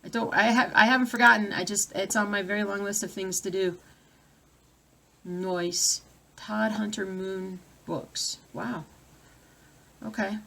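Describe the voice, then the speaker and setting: A woman's voice: mid-range voice, steady tone, a little slow, gravelly, pauses often, sharp tone. A woman chatting casually on a live stream at home, reading viewer comments aloud and breaking off to deal with her dogs. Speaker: cross-stitch vlogger.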